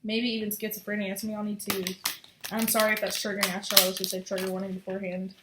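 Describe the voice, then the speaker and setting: A woman's voice: mid-range voice, level tone, fast. A woman giving a casual, chatty tarot reading, talking bluntly and swearing freely. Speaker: tarot reader. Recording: echoey room with faint noise.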